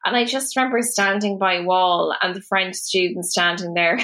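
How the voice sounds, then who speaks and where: A woman's voice: lowish voice, fairly even intonation, normal speed, bright, forceful tone. A woman in her thirties with an Irish accent, co-hosting a podcast in casual, chatty conversation. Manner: chatty, storytelling, swears casually. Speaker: podcast co-host. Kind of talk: casual chat.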